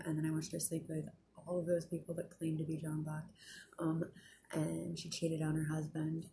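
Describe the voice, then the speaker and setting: A woman rambles through an agitated personal vlog rant, swearing often and filling gaps with ums. Her voice sits low with a gravelly fry. The recording carries a clear hiss of background noise. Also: dark tone. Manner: agitated, profane, many fillers. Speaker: vlogger. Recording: noisy background.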